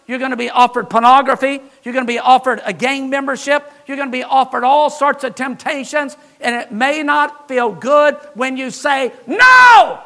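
A man preaching a sermon as pastor, older, with impassioned delivery that rises to shouts on key words. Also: very high-pitched, steady tone, moderate pace, few pauses.

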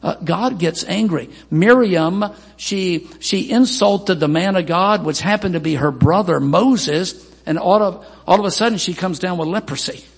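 A man's voice: moderate pace, hardly any pauses, husky. A man preaching a sermon as pastor, emphatic, with Scripture readings and quoted asides. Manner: emphatic preaching, voices quoted people in a raised pitch. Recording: long hall reverb.

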